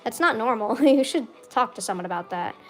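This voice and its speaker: A young woman chatting casually over gameplay, rambling with lots of "like" and swearing freely, with loud outbursts when the game goes wrong. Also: on the high side, animated, a little fast, soft background music. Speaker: gaming streamer.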